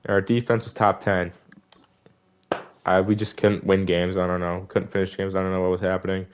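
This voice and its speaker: A man's voice: low voice, flat delivery, normal speed, smooth. Frustrated young man recapping a game season. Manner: frustrated, disappointed, rambling stat recaps. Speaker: gaming video creator. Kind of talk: casual gameplay commentary.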